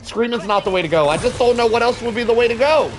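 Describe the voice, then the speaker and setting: A young man streaming a co-op shooter, joking with his chat and now and then bursting into shouts. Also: extremely high pitch, quick pace, noisy background. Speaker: game streamer. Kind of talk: casual gaming stream chat.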